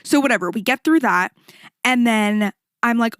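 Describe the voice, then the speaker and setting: Animated, profane woman podcaster, higher voice. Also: no room sound, clean studio sound. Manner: animated, profane, rambling with quick asides. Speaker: podcast host and fitness instructor. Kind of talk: casual solo storytelling.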